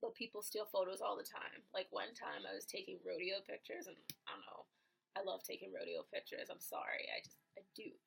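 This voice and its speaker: A young woman hosting a casual livestream, rambling through her day with lots of "like" and quick laughs. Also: medium pitch, steady tone, vocal fry, a bit bright, slight background noise. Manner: rambling, chatty, many "like"s, laughs often. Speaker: livestream host.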